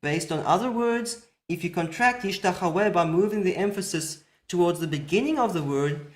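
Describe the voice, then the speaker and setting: A teacher giving a methodical recorded lesson, slowing down to spell out each example word carefully. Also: mid-range voice, expressive.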